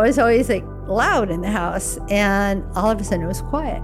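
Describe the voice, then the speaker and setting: A woman's voice: medium pitch, normal speed, hardly any pauses. Older woman recounting a memory over music. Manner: conversational, acts out remembered dialogue. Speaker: interview guest. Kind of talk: personal storytelling.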